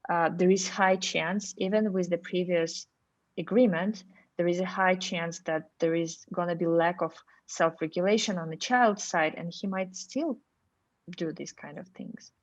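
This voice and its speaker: A woman's voice: fairly low pitch, steady tone, measured pace, dry recording. A woman hosting an interview, framing questions hesitantly with many fillers. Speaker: host. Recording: dry, dull lo-fi sound.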